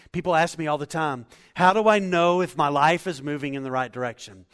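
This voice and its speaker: Pastor guy giving a sermon, chatty and relaxed, echoey hall sound. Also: a little high, brisk, clean tone. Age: 40s. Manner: conversational, laughing asides.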